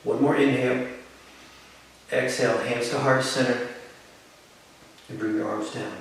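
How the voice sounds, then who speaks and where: A man teaching a live yoga class, giving calm, encouraging step-by-step cues. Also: mid-range voice, a little slow, distant mic. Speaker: yoga instructor. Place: yoga studio. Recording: very echoey room, voice from off-mic, faint hiss.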